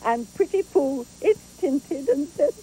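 Juliet's rambling old Nurse. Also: female voice, high-pitched, sing-song, slow pace, mellow, slight background noise, heavily acted, low-quality recording. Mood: fond rambling. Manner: rambling, chuckling, swooping delivery. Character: garrulous old female nurse, rambling and fond. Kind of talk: theatrical Shakespeare performance.

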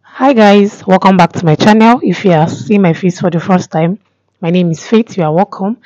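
A young woman talking straight to camera in a casual vlog, earnest and repetitive, pausing often with "um". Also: medium pitch, dark tone, faint music behind. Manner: earnest, repeats herself, many pauses with um. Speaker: vlogger. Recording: dull lo-fi sound.

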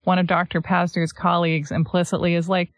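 Canadian podcast lady, lowish gravelly voice, snarky, reads the book out loud, dry close mic. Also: brisk, dry recording. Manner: sarcastic, animated, often laughing. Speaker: podcast co-host. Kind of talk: casual chat, reading from a book.

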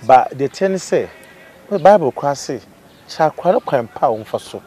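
A blustering, scornful man who barks at an underling, his voice swinging widely and rising high. He is sure of his own importance. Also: expressive, moderate pace, mellow, slightly rough.

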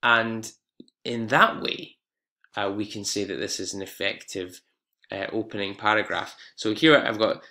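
A man's voice: lowish voice, fairly even intonation, a little slow, pushed and bright. A man teaching an exam-prep English lesson, explaining step by step with fillers and self-corrections.

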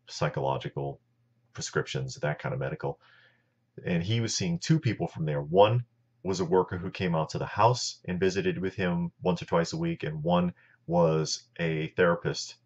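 A man's voice: rumbling low, darkish tone. A man hosting a talk show, plainly recounting events step by step. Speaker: show host. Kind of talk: personal storytelling talk. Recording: dull lo-fi sound.

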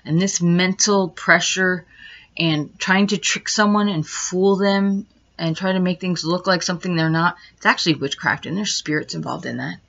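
Bright-voiced woman rambling through a story. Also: fairly low pitch, normal speed, vocal fry. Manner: rambling, retraces events step by step, grows agitated. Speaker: vlogger. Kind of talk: rambling first-person account. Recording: dull lo-fi recording.

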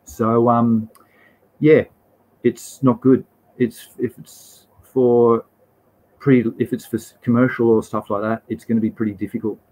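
A man's voice: medium pitch, flat delivery, measured pace, a little mellow, low-quality recording. A man with an Australian accent hosting a live stream and answering chat questions in a laid-back, rambling way, with slang and the odd swear word. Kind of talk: casual live Q&A.

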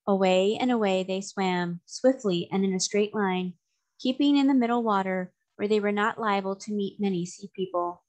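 A woman narrating a children's novel aloud in a steady, even way. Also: mid-range voice, normal speed. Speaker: storybook reader.

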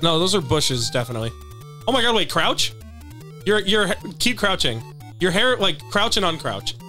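A young man chatting casually over a video game, excitable and teasing, laughing often. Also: sits high, moderate pace. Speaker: co-host watching a let's play. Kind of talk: casual gaming chat. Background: faint game music.

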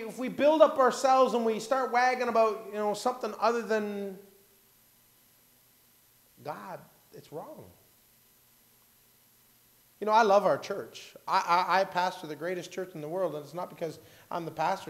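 A male pastor preaching a sermon in a church over a microphone. He rambles with self-mocking humor, and his loudness swings from hushed asides to loud bursts. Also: sits high, moderate pace.

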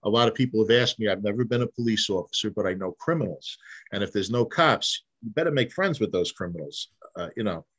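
Animated New private investigator storyteller. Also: male voice, fairly low pitch, quick pace, breathy edge. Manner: animated storyteller, acts out quoted dialogue, frequent restarts. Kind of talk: casual storytelling interview.

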